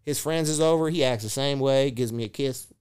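A man's voice: mid-range voice, brisk, clean tone. A middle-aged man, a motivational speaker, chatting casually on a podcast, acting out dialogue in his stories and swearing freely. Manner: animated storyteller who acts out dialogue, swears freely.

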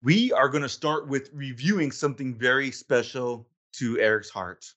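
A man hosting a whiskey podcast in casual chat, laid-back and quick to laugh. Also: mid-range voice, fairly bright tone. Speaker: podcast host.

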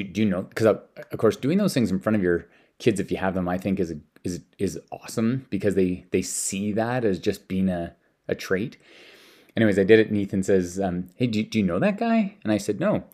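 A man's voice: low voice, fairly even intonation, brisk, warm tone. A man from Canada telling personal stories about lessons with his young son, rambling with many restarts. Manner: rambling, with frequent repeated words and restarts. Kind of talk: casual storytelling.

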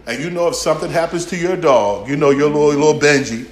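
A man preaching a sermon, telling lively stories and acting out dialogue. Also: a little high, fast talker, roomy sound.

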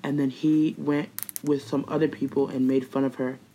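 Low-voiced young woman gossiping bluntly. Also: little pitch movement, moderate pace, warm tone, slight background noise, rough recording. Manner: blunt, profane, laughs often. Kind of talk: casual gossip chat.

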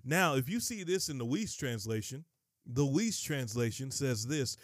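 A man from North Carolina with a rural Southern accent, hosting a casual Bible teaching podcast in a lively, folksy way, rushing through asides and slowing down for scripture. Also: medium pitch, dry recording, clean studio sound. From Kinston, North Carolina, USA. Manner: lively, folksy, swings between fast asides and slow emphatic reading.

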